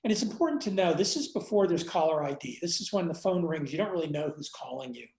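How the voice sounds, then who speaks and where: Male interview guest, gravelly voice in a roomy room, reflective and halting, blunt language. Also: fairly high pitch, expressive, a little mellow. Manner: reflective, halting, many fillers and restarts; blunt, casual swearing. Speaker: interview guest, entrepreneur and investor. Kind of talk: candid conversational storytelling.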